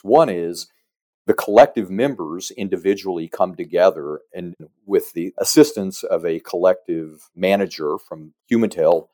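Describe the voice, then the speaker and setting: A man in middle age speaks as a podcast guest, laying out his points at an easy, measured pace. His voice sits low and often leans on "you know" as he goes. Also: mellow. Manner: measured, explanatory, frequent "you know" fillers. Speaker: guest, business advisor. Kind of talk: conversational podcast interview.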